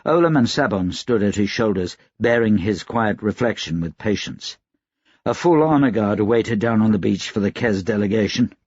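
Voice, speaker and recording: Brief: male audiobook narrator, husky gravelly low voice, measured read, dry dull recording. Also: expressive, a little mellow, dry recording. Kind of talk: scripted narration.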